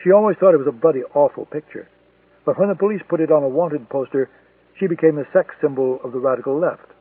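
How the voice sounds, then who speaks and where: A man narrating a thriller audiobook in a steady, measured storytelling manner. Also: a little high, husky, dry recording. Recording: tinny, distant, dry lo-fi recording.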